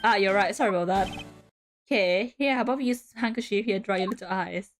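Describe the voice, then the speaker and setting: A woman lowering her voice for a formal male prosecutor. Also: quick pace, music in the background, close to an everyday voice. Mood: gentle. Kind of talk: reading a game's dialogue aloud.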